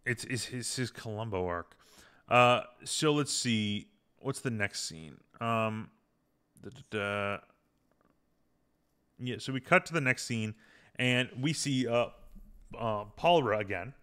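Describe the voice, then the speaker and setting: A man's voice: mid-range voice, expressive, takes it slowly, pauses often, fairly bright tone, clean tone. A man hosting a podcast, recapping a TV episode in casual chat, rambling and humming filler as he retells scenes. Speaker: podcast host.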